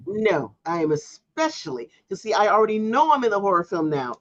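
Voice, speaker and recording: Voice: medium pitch, sing-song, fairly quick, no echo, highs cut off. A podcast co-host in casual chat, telling a story and arguing her point with emphatic disbelief.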